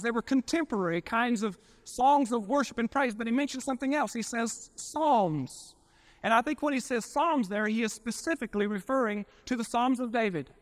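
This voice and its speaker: High-voiced emphatic male preacher. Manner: emphatic preaching with drawn-out words and sudden loud swells; folksy asides. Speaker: pastor. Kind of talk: sermon. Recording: archival 1992 sermon recording.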